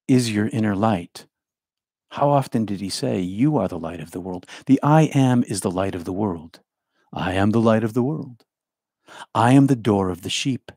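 Slow, soft-spoken man giving a spiritual talk. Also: fairly low pitch, no room sound, clean studio sound. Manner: slow, repetitive incantatory phrasing, often dropping to a hush. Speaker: spiritual teacher.

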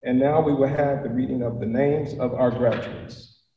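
A man, a school official, reading formal graduation ceremony announcements in a measured, scripted way. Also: mid-range voice, fairly even intonation, dark tone, reverberant, long reverb tail, distant mic, dull audio.

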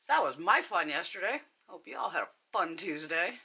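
A woman's voice: fairly low pitch, sing-song, brisk, gravelly, sharp tone, slightly rough. A woman beauty vlogger telling a blunt, profane story with frequent laughter while doing her makeup.

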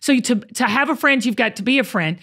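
A high-pitched woman hosts a relaxed chat. She talks emphatically, with fired-up, preachy bursts. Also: a little fast. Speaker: show host. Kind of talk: casual chat.

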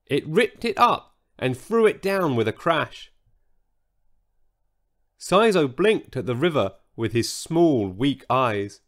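A man reading a children's story aloud in an animated, expressive storytelling manner. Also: mid-range voice, takes it slowly.

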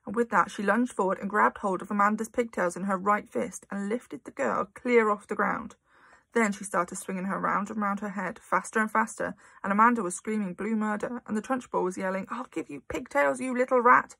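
A woman reads a children's story with lively, expressive storytelling. Her voice has a gravelly, husky texture. The sound is dry and close. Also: medium pitch, brisk, dry recording. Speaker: narrator. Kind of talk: audiobook reading of a children's novel.

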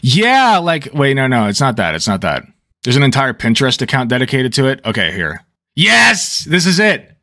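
A man's voice: medium pitch, normal speed, no room sound. A man giving casual reaction commentary, cursing freely and laughing often as he rambles. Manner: animated, profane, laughs often.

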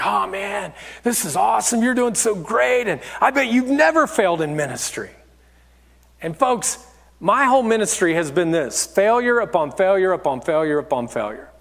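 A man giving a sermon as lead pastor, telling stories in a candid, self-deprecating way. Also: high voice. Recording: long hall reverb.

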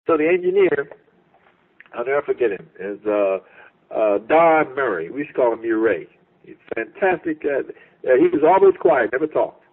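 A man's voice: mid-range voice, moderate pace. A man, a music producer and songwriter, reminiscing in an interview, telling stories with lots of repeats and restarts. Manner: animated storyteller who repeats and restarts phrases. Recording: tinny phone line.

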